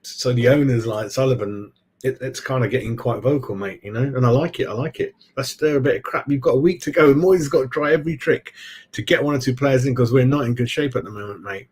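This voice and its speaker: A man's voice: mid-range voice, fast talker, a little mellow, breathy edge. A man hosting a football fan channel, talking in a casual live-stream chat and answering viewers as he goes. He rambles from point to point and keeps dropping in "mate.". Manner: chatty, keeps saying "mate".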